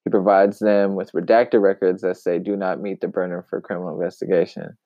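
A man giving casual commentary in an emphatic, wry way, with long pauses, on a dull, dry lo-fi recording. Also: low voice, little pitch movement, dark tone, no room sound. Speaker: commentary vlogger.

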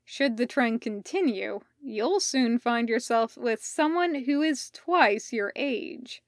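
A woman reading as a sensible young man, a fussing best friend with a mildly patronizing edge. Her voice sits fairly high, and the pace is slow and measured. The sound is dry and close. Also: animated, no room sound. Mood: warning.

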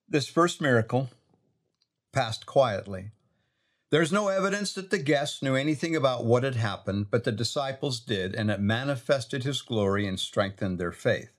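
A man telling a devotional scripture story in an earnest way, reading the quoted verses slowly and softly. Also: medium pitch, expressive.

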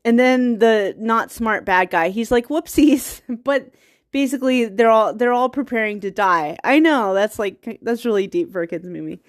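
A woman's voice: fairly high pitch, moderate pace. A young woman eagerly retelling a film's plot in casual, rambling talk, laughing often and getting teary. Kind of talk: casual movie recap.

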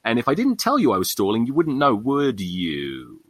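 Lively, profane podcast host ranting. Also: male voice, mid-range voice, moderate pace, husky, dry recording. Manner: profane, exasperated, self-mocking ranting. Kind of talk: solo podcast rant.

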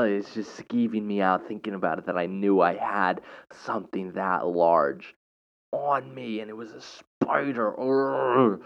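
A young man, a teacher, telling a personal story in a casual, animated way with lots of slang. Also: fairly low pitch, gravelly. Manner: animated, slangy, dramatic retelling. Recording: dull lo-fi recording.

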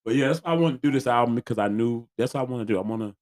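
A man's voice: mid-range voice, very fast, a little mellow. A congested man co-hosting a casual album review chat, talking in laid-back slang and trailing off. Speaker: podcast co-host.

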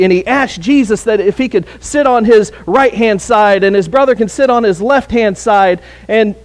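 A man's voice: high voice, a little mellow. A pastor preaching an earnest sermon to his congregation, often restarting and repeating words.

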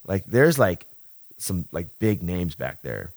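In a deep, slow voice, a man in his thirties tells long stories on a laid-back podcast. His storytelling is animated and profane, and he imitates the lines of the people involved.

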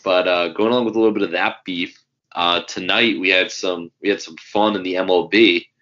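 A man's voice: sits low, fairly even intonation, brisk, fairly bright tone. A man, co-hosting a casual sports podcast and telling rambling stories with fillers and swearing. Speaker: podcast co-host. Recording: dull lo-fi sound.

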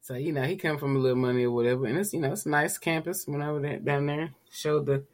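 A Tennessee man co-hosts a podcast, talking fast in a slightly high voice with fairly even intonation. His casual chat is laid-back and rambling, sprinkled with frequent "you know."

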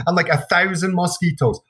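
Animated Scottish man, podcast co-host. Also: mid-range voice, fairly quick, slightly rough. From Scotland. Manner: animated, swearing, acts out quotes. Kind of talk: casual chat.

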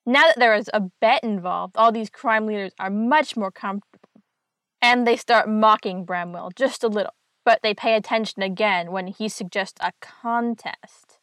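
A woman's voice: mid-range voice, moderate pace, fairly bright tone, no room sound. A woman host casually recapping an old comic book story with wry, chatty asides.

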